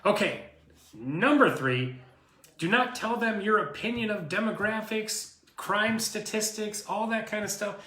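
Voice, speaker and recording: Realtor guy rambling thru stories, bright kinda high voice, echoey room. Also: unhurried. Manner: animated, rambling storyteller. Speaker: co-host, realtor. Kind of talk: casual chat.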